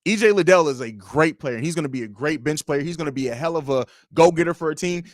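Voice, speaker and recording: A young man hosting a casual livestream, reading viewer comments aloud and answering them in a blunt, profane, animated way. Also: fairly high pitch, quick pace, no echo, clean studio sound. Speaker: livestream host.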